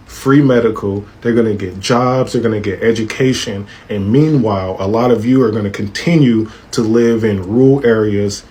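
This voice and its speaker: Man, lowish voice, indignant, direct-to-camera commentary. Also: darkish tone. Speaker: social media commentator.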